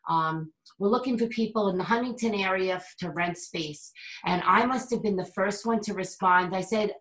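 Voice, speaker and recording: A woman's voice: mid-range voice, moderate pace, a bit bright. A woman, a guest on an interview show, telling a story casually and acting out the quotes, with many fillers and restarts. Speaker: guest, psychic medium and teacher. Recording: roomy echo.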